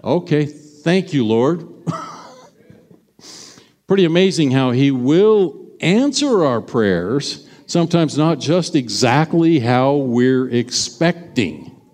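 A man's voice: on the high side, big pitch swings, takes it slowly, a little mellow. A middle-aged male pastor preaching a sermon in a chatty, storytelling way with sudden bursts of emphasis. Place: church sanctuary. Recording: long hall reverb.

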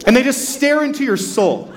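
A man's voice: extremely high pitch, very animated, normal speed, some chatter behind. A young adult man, a pastor, preaching a sermon in a casual storytelling way, full of "like" fillers and restarts.

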